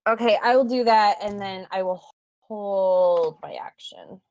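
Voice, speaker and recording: A woman's voice: medium pitch, measured pace, a little mellow. A woman playing a tabletop game, blunt and offhand about her character's moves. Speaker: player. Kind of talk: casual tabletop chat.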